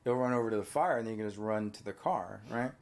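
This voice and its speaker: A man's voice: fairly low pitch, fast talker, gravelly. A man telling a movie plot in casual chat, quizzing a child with questions and tag questions. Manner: animated storyteller, prompting with questions. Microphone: on camera.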